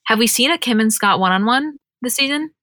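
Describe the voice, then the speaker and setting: A young woman co-hosting a podcast in casual, chatty, animated talk that includes casual swearing. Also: on the high side, brisk, dry recording. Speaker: podcast co-host. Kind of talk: casual chat.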